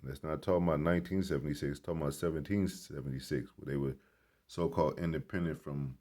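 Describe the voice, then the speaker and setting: A man's voice: very deep voice, steady tone, quick pace, mellow. A man in a casual, rambling vlog commentary at a grocery store. He talks in an emphatic, preachy and blunt way and swears freely. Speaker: vlogger.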